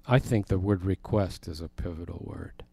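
A man's voice: deep voice, normal speed, gravelly, dark tone, slightly rough. A man teaching a Bible study in a conversational way, explaining words and asking his listeners questions.

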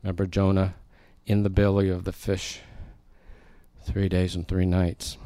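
A man with a fairly low voice teaches through a scripture passage, chatting with his listeners and tossing in jokes. The sound is dry and close, with little room around it. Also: monotone, moderate pace, dark tone, dry recording. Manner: conversational, joking asides to the congregation. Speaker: pastor. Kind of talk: expository sermon.

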